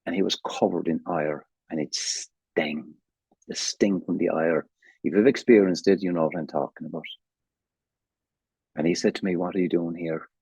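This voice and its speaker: A man's voice: sits low, fairly even intonation, normal speed, gravelly, long pauses, darkish tone, breathy edge, no room sound, low-quality recording. An older man with an Irish accent gives a candid, emotional personal testimony at a recovery meeting, swearing freely, over a video call. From Ireland.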